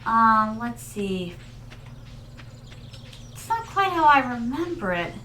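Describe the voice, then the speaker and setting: Bright chatty woman streamer. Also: fairly high pitch, very animated, takes it slowly, long pauses, a little hiss or hum, poor audio. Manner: chatty, rambling storyteller, calls viewers "my darlings". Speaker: Vtuber streamer. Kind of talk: casual gaming livestream chat.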